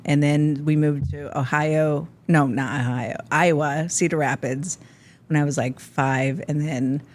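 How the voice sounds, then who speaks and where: A middle-aged woman with a notably low, deep voice, talking casually as a comedy guest. She rambles through stories with frequent laughs and asides. She grew up in the American Midwest. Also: a little mellow. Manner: chatty, laughing, rambling storyteller. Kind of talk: casual chat.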